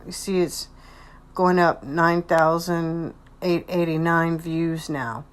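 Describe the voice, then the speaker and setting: A woman with a fairly low, steady voice speaks slowly on her own channel as she comments on someone else's speech in video clips. She rambles and repeats herself while analyzing what they say.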